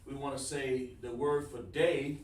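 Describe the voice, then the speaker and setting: A man teaching a livestreamed language lesson, explaining slowly and repeating himself while talking to the chat. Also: mid-range voice, fairly even intonation. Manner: slow, repetitive explaining, addresses the chat. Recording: roomy, mic at a distance, faint noise.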